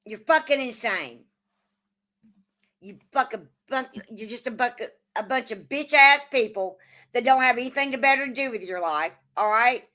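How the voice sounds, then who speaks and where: A woman's slightly high voice, bright and forceful at a moderate pace, carries a casual livestream she hosts. She answers her chat, argues back at it, and swears often, profane and combative throughout.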